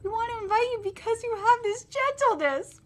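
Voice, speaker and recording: A woman's voice: very high voice, lively intonation, brisk, pitched above the performer's own voice. A woman reading as a cocky young detective. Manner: breezy, self-assured. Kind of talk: reading manga dialogue aloud.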